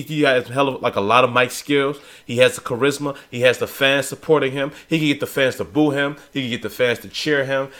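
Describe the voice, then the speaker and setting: An opinionated man co-hosting a casual podcast. His voice sits at an ordinary middle pitch, and he climbs into exasperated, insistent rants when he argues a point. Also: fairly bright tone. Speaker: podcast co-host. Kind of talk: casual wrestling talk.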